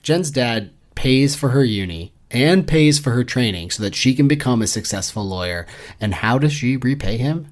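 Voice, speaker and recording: A man's voice: medium pitch, lively intonation, normal speed. Sarcastic man in casual book chat. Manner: sarcastic, acts out characters in mocking quoted voices. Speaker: podcast co-host.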